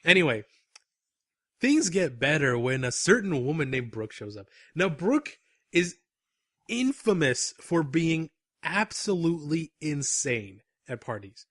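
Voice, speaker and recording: A young man co-hosting a podcast, telling an animated anecdote and laughing often at his own story. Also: fairly high pitch, unhurried, no echo, clean studio sound. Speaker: podcast co-host.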